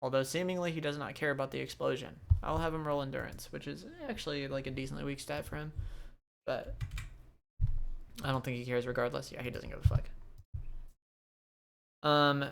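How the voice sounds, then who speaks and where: A man's voice: medium pitch, steady tone, a little fast, creaky, long pauses, slight background noise. A man running a tabletop game as game master, laid-back and chuckling often.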